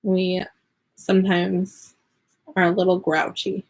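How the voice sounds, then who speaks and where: A woman's voice: fairly low pitch, monotone, slow. A woman in her thirties chatting casually to a live audience at home while she crochets. She rambles with lots of fillers and giggles. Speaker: vlogger and online teacher. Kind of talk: casual live craft chat.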